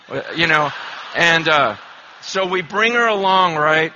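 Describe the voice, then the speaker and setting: A man's voice: on the high side, normal speed, sharp tone. A man in his forties preaching at a conference, telling stories in a conversational, self-deprecating way that builds to impassioned urgency. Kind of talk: conference sermon. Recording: dull lo-fi conference recording.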